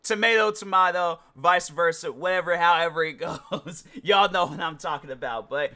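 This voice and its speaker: A man's voice: on the high side, normal speed, pushed and bright. A young man hosting a podcast, talking casually in a rambling way, full of restarts and slang. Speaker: podcast host. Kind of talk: casual solo commentary.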